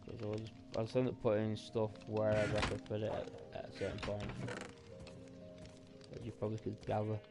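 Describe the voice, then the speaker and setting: A tired, sleepy gaming streamer muses and rambles aloud while playing a building game, giving casual gameplay commentary. His voice sits on the low side, brisk and monotone with vocal fry, and music plays in the background.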